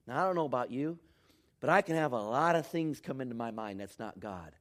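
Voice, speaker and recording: A man preaching a sermon, swinging between shouted lines and near whispers. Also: mid-range voice, expressive, brisk. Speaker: pastor.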